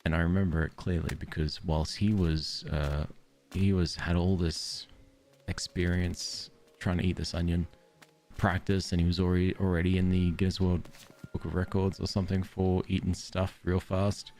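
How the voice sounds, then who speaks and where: A man's voice: low-pitched, flat delivery, moderate pace, a little mellow. An Australian man streaming a game, chatting casually and drifting off into rambling stories. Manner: rambling, tangent-prone storytelling. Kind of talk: casual gameplay commentary.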